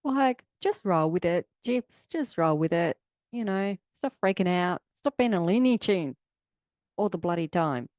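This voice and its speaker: An Australian woman mocking an exasperated, laid-back young man in a squeaky, impatient voice. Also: lively intonation, measured pace, darkish tone, no echo, studio quality.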